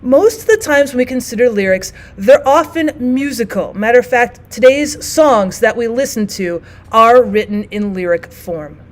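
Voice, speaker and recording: A woman teaching a lesson on poetry, explaining each form step by step and reading example poems aloud slowly. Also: on the high side, expressive. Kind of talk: classroom lesson.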